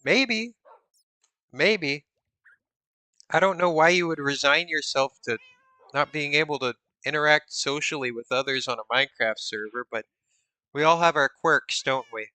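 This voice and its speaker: A man streams himself building in a game, muttering block counts and reading chat aloud. His voice is very bright and sits dry and close on the mic. He teases viewers with playful mock suspicion. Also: on the high side, normal speed, no echo. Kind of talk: casual live-stream chat while playing.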